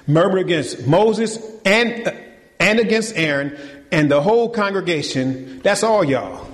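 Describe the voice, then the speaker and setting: A man preaching a sermon to his congregation, animated and colloquial, firing rhetorical questions and calling them y'all. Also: sits high, measured pace, in a large hall. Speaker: pastor. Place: church.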